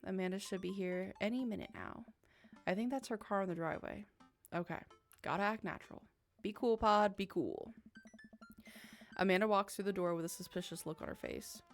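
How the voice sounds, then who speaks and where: Playful gravelly woman reading a game. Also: medium pitch, quick pace, soft background music. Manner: playful, voices several characters, laughs and tears up. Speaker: let's play gamer. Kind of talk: reading a dating game aloud with voices.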